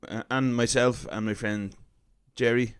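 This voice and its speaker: A man's voice: mid-range voice, fairly even intonation, unhurried, clear, resonant tone. A man in his thirties with an Irish accent, telling a comic story in a wry, self-deprecating, conversational way. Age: 30s. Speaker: comedian storyteller.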